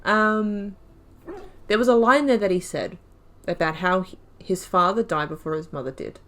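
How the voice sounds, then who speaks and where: A woman's voice: mid-range voice, normal speed, a bit bright. A woman hosting a game playthrough, musing aloud and rambling through her thoughts as she plays. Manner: rambling, musing aloud, acts out quoted lines. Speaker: let's play host. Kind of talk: gameplay commentary.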